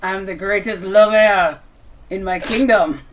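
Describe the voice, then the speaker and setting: A woman plays a smarmy camp boss who thinks himself the greatest lover alive. He speaks, slow and oily, full of pompous flattery. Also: mid-range voice, natural voice, poor audio. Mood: flirtatious. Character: smarmy French male camp boss, flirtatious villain.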